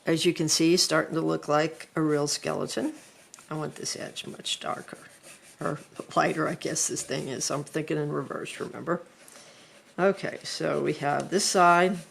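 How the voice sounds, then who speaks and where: Middle-aged woman art teacher: low, a bit gravelly, relaxed classroom chat while she draws. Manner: chatty, unhurried, thinks aloud while drawing. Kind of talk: drawing lesson talk.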